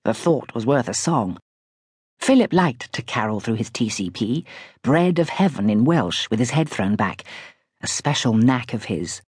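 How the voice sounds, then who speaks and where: A woman narrating a literary novel in a wry, lively storytelling manner with speech. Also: very deep voice, measured pace, husky, no echo, clean studio sound. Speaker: audiobook narrator. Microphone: close studio mic.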